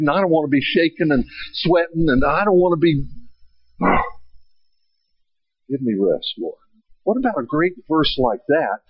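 Husky-voiced male preacher, dull lo-fi recording. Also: fairly high pitch, no echo. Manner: preaching with swells of emphasis, slowing on key phrases. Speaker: pastor. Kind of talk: sermon.

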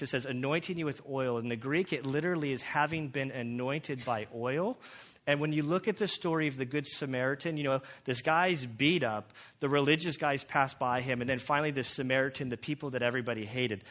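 A man's voice: medium pitch, a bit bright. A man in his thirties or forties, preaching a conversational sermon as a pastor and telling family stories with quoted dialogue. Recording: slightly dull lo-fi sound.

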